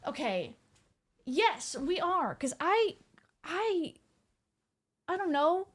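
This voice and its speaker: An excitable woman streamer, chatting casually from home as she reacts to a game. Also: very high voice, drawn-out words. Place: home room.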